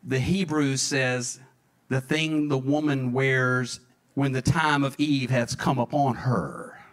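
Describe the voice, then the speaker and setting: A man preaching a sermon as pastor, earnest and drawn out, with long pauses and sudden leaps up in pitch. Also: fairly even intonation. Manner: earnest preaching, slow pauses, dramatic swings into high pitch. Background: soft instrumental music.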